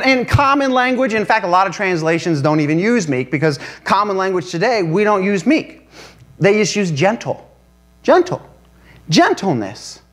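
Animated, high-voiced preacher man. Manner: animated, engages congregation with questions and calls for amen; laughs while telling stories. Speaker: pastor. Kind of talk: sermon. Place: church service before a congregation.

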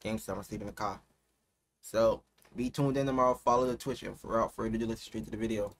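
A man hosting a reaction video, talking casually with lots of slang and swinging into loud, excited outbursts. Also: on the low side, fast talker, noisy background. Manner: slangy, keeps saying "you feel me".

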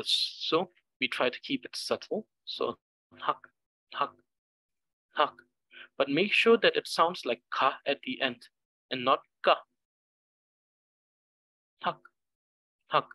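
A man teaching pronunciation, saying syllables slowly over and over for learners to repeat. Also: medium pitch, sharp tone. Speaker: language teacher. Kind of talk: slow pronunciation drill.

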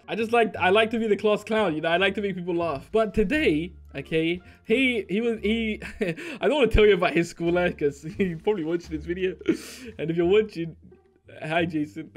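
A young man doing playful gaming commentary, excitable and jokey, swinging between mumbled asides and shrieks. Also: high voice. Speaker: Minecraft YouTuber. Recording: faint background music.

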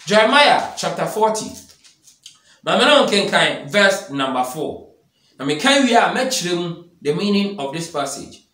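A man's voice: sits high, very animated, measured pace, sharp tone, roomy sound. A man with a Ghanaian accent preaching an emphatic sermon, mixing Twi and English in a declamatory manner.

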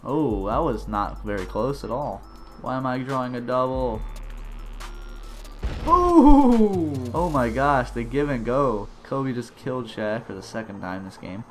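A man giving casual, excitable gameplay commentary as a gaming channel host, cheering and shouting at plays and dropping slangy banter. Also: medium pitch, normal speed, soft background music.

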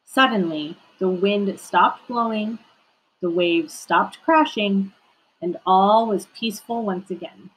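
Slow, breathy young woman storyteller. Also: medium pitch, rough recording. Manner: warm, expressive storytelling. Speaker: children's ministry reader. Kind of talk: children's read-aloud storytelling.

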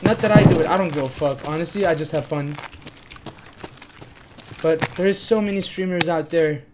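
A woman streaming a game live, swearing freely and breaking into panicked shouts. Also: low-pitched, normal speed, heavy background noise. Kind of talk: live gameplay commentary.

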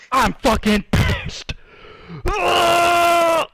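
Man, gamer, high voice, unhurried delivery, loud, swearing, live gameplay commentary. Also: lively intonation, very noisy. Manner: loud, swearing, yelling in frustration. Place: apartment at home.

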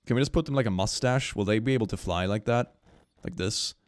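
A man streaming a game, commenting casually and excitably, swinging between gushing and mumbling with frequent laughs. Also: fairly low pitch, quick pace.

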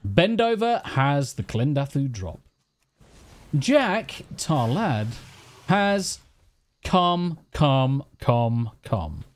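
A man streaming a game, chatting casually, swearing and teasing while thanking viewers. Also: a little high. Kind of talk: casual live-stream chat. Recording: faint music behind.

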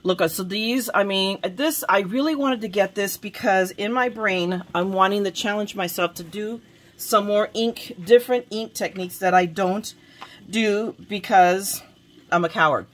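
A woman's voice: mid-range voice, normal speed, fairly bright tone. A woman vlogger chatting casually at home as she shows her new craft supplies, rambling and making fun of herself. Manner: chatty and self-deprecating, rambling with restarts.

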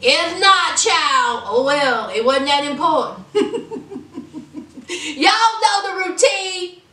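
Sassy high-voiced woman recapping a show. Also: expressive, takes it slowly, pushed and bright, reverberant, distant mic. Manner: sassy, blunt, scolding. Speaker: reality TV recap vlogger. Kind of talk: casual episode recap.

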